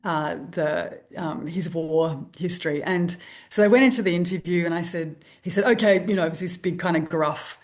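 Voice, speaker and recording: An Australian woman being interviewed, telling a lively anecdote and acting out the voices of people she quotes. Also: on the low side, moderate pace. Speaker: guest, stress researcher. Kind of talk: storytelling interview.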